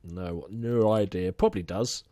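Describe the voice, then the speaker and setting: A young man casually commentating his own football management game, chatty and excitable, swearing now and then. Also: on the low side, measured pace, no room sound, studio quality. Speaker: let's play host.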